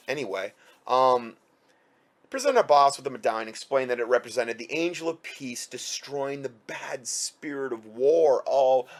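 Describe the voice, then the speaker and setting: Guy reading the news and going off on it, sarcastic, heated, mid pitch. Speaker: commentator. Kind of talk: reading news reports with commentary.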